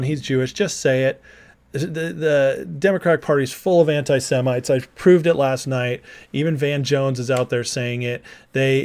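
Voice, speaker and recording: Male livestream host, blunt and combative, mid-range voice, casual live political commentary while reading chat. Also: mid-range voice.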